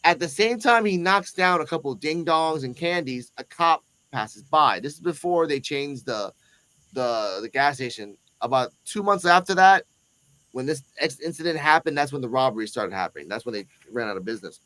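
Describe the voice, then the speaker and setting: A man with a high voice tells a story in a loose, profane, animated way. He slips into the voices of the people in his tale as he goes. The sound is dry and close. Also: moderate pace, dry recording, rough recording. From Puerto Rico. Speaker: host. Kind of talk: casual storytelling on a reaction show.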